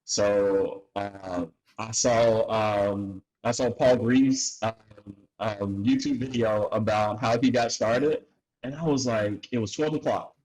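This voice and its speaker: A man's voice: lowish voice, slow pace, low-quality recording. A man, a farmer and podcast guest from North Carolina, telling a story in a casual interview and acting out the dialogue. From North Carolina, USA. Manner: animated, acts out dialogue with laughs.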